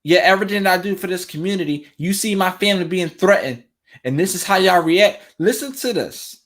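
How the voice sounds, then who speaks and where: A relationship talk show host offers casual commentary directly to his viewers, animated and repeating phrases again and again for emphasis. His voice is high and a little fast.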